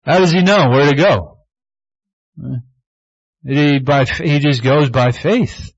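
A man preaching a sermon as pastor, animated, acting out voices from the stories he tells. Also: a little high, slow, dry recording, lo-fi sound.

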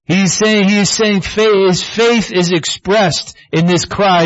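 Animated preaching man, slightly muffled. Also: sits high, takes it slowly, few pauses, no room sound. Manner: animated preaching, acts out voices from the stories. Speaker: pastor. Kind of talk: sermon.

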